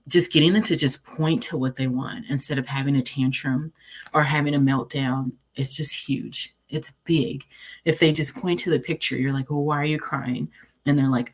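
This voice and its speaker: A woman's voice: rumbling low, husky. A woman life coach giving a recorded encouraging presentation, earnest and conversational, reading affirmations aloud with the odd repeat and filler.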